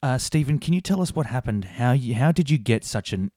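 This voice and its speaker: A man's voice: medium pitch, expressive, a little fast, mellow, dry recording, clean studio sound. A man hosting a comedy sketch in a mock-serious presenter manner. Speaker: host.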